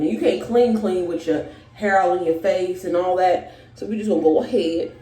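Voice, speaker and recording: A woman's voice: fairly low pitch, moderate pace, dark tone, faint music behind. Chatty pregnant woman vlogging at home. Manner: chatty, talks straight to viewers. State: pregnant, out of breath. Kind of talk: casual clean-with-me vlog. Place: bathroom at home. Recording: echoey home room with faint noise.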